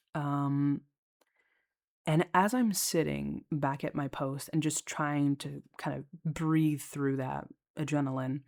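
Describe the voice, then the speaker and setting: A young adult audio creator and lifeguard chatting casually, telling a story in a rambling, animated way. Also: mid-range voice, slow.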